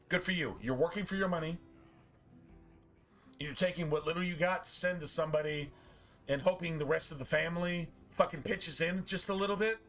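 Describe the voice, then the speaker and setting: A man's voice: on the high side, fairly quick, a bit bright, soft background music. A man streaming a game and ranting casually, swearing often in a preachy, emphatic way. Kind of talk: casual rant while gaming.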